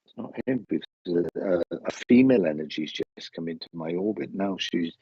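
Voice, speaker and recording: A man giving a live mediumship reading, chatty and halting, often restarting sentences as he passes on messages. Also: low-pitched, expressive, warm tone, husky, dry recording, highs cut off. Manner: chatty, laughing, stumbling restarts, relays spirit messages.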